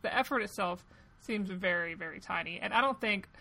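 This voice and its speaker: A woman's voice: mid-range voice, a little fast, pushed and bright, poor audio. A woman in casual film discussion, talking in a hesitant, musing way that trails off. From United States.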